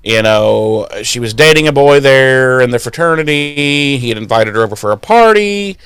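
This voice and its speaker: A podcast co-host recaps an episode in loose, profanity-heavy banter, acting out the characters' lines as he goes. His voice is mid-range and resonant with a clear tone, delivered at a moderate pace on a dry recording. He tells the story with real animation and swears freely.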